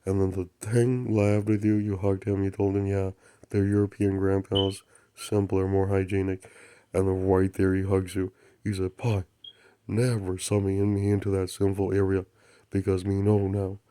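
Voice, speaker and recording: A man's voice: sits low, monotone, normal speed, clean tone. A man hosting his own channel, telling a rambling spiritual story in broken grammar and repeating affirmations like a chant. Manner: drops to soft unvoiced murmurs at times. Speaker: channel host.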